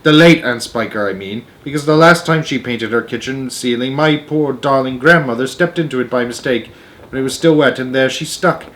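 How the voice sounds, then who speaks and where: A man's voice: mid-range voice, normal speed, fairly bright tone, natural voice. A man voicing a prim, genteel female spider telling a story in a storybook read-aloud.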